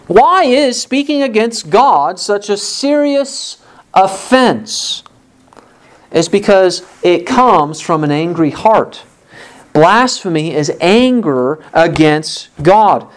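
A pastor preaching a sermon in an earnest, emphatic way, often repeating words to stress a point. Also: mid-range voice.

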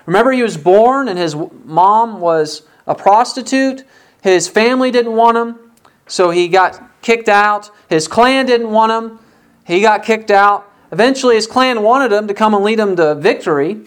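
Preacher walking through a bible passage, sermon style, plain middle pitch. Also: moderate pace, clean tone. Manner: expository, acts out biblical dialogue.

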